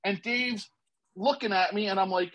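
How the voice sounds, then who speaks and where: A man, a panel guest, telling a rambling, excitable story in a casual way with many restarts. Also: sits high, normal speed, poor audio.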